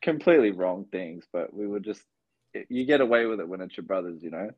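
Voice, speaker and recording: A man's voice: low-pitched, animated, fairly quick, no room sound, phone-quality sound. A young man from Australia with an Australian accent, telling stories as a guest in a casual interview, full of fillers. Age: young adult. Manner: rambling, filler-heavy storytelling. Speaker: guest, basketball player.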